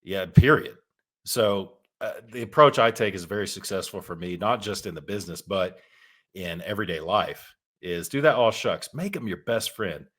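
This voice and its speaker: Low-voiced Texan man, podcast co-host, folksy and self-deprecating. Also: normal speed, a bit bright. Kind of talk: casual podcast conversation.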